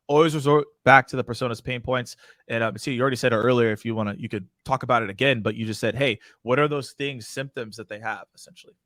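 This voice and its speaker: A man hosting a sales workshop, giving advice in an energetic, joking, emphatic way. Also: on the high side, no echo, studio quality. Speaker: host. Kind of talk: casual webinar advice chat.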